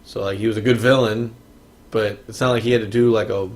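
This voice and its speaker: A man's voice: on the low side, fairly even intonation, a little fast. A man co-hosting a podcast, chatting casually about movies with frequent restarts and fillers. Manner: rambling, many restarts and fillers. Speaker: podcast co-host. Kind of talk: casual movie review chat.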